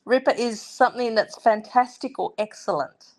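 A woman's voice: fairly high pitch, normal speed, darkish tone. An Australian woman in a casual podcast chat, playfully explaining local slang.

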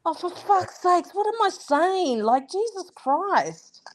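A woman from Sydney with an Australian accent, co-hosting a casual comedy chat, exasperated and quick to swear. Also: very animated. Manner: exasperated, swears freely, swooping pitch. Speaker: podcast co-host.

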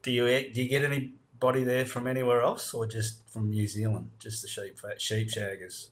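A man's voice: medium pitch, little pitch movement, moderate pace. A man with an Australian accent co-hosting a casual comedy chat, teasing drily and full of Aussie slang. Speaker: podcast co-host.

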